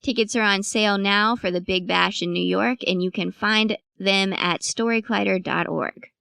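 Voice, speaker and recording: A woman podcast host reads scripted announcements and a guest bio. She keeps a brisk, upbeat pace. Her voice is smooth with a light gravelly fry and is recorded dry and close. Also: medium pitch, fairly even intonation, sharp tone, no room sound.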